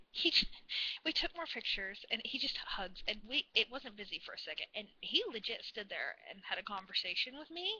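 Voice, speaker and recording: A woman telling a story in a casual vlog, rambling and gushing like an excited fan. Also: mid-range voice, moderate pace, slightly rough, muffled recording. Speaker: vlogger.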